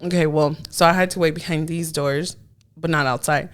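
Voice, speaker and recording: A woman co-hosting a podcast, telling a story in casual chat, animated and dropping in Spanish words. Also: sits low, moderate pace. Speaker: podcast co-host.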